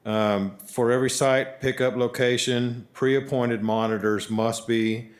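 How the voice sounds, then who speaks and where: A man on city staff giving a formal report to a council, measured and pausing often on "uh". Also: medium pitch, steady tone. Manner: measured, with frequent "uh" pauses. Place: council chambers.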